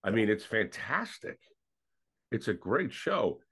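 A man's voice: on the low side, sing-song, slow pace, a bit bright, breathy edge. A man co-hosting a sports podcast in casual, enthusiastic chat that sometimes trails off mid-thought. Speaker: podcast co-host.

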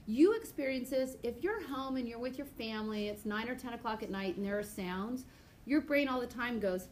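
A fairly high-pitched woman lectures a biology class in a lively, chatty way. She acts out voices in her stories and laughs often. The screencast recording carries a faint hiss of background noise. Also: moderate pace, reverberant. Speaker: biology teacher. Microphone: tablet screencast mic.

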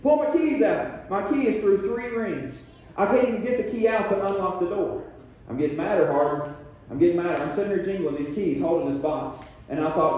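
Male pastor, high voice, folksy and emphatic sermon delivery, recorded off mic in a very reverberant church. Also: darkish tone, recorded from a distance, slight background noise. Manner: folksy storytelling preacher, drawn-out emphatic points. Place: church sanctuary.

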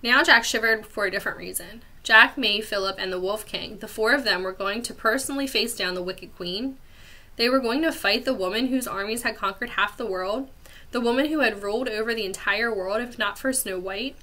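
Bright-voiced teacher reading aloud. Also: female voice, fairly high pitch, fairly quick. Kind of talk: reading a chapter book aloud.

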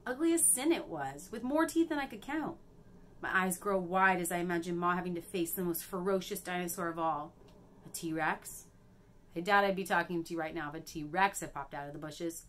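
A woman reading a children's chapter book aloud in an expressive, storytelling way. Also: mid-range voice, a little hiss or hum. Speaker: reader at a school.

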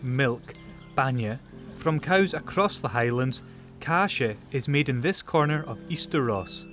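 A man's voice: mid-range voice, a little slow, soft background music. A Scottish man presenting a language lesson on location, playful and full of puns. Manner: jokey, punning, lively. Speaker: presenter teaching words on location. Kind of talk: playful pun-filled presenting.

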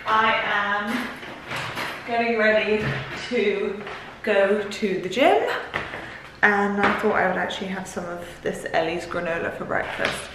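A woman's voice: mid-range voice, unhurried. Chatty young woman vlogging. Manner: chatty and enthusiastic. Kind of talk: casual vlog chat. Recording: echoey room with clear background noise.

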